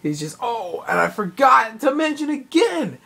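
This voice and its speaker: A young man casually recapping a live event he attended, rambling and excitable, with lots of fillers and acted-out quotes. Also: extremely high pitch, moderate pace, creaky, slightly rough. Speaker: vlogger.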